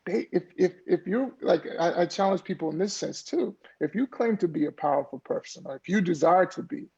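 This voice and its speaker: A man's voice: sits high, animated, brisk, warm tone, breathy edge, dull audio. A man speaking as a podcast guest, an earnest mindfulness coach who talks in a motivational way and often repeats words as he builds a point. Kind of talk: conversational interview.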